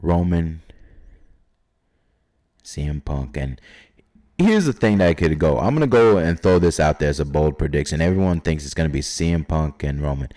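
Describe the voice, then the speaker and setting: A man with a very low, deep voice thinks out loud in a loose, rambling way. He hesitates often and fills the gaps with ums and uhs. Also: expressive, normal speed, long pauses. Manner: rambling, hesitant with many fillers. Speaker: YouTube wrestling predictor. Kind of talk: casual solo prediction talk.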